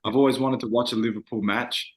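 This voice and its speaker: A man's voice: mid-range voice, fairly even intonation, fast. Earnest young male singer interviewed. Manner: earnest, reflective, frequent fillers. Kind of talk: casual interview chat.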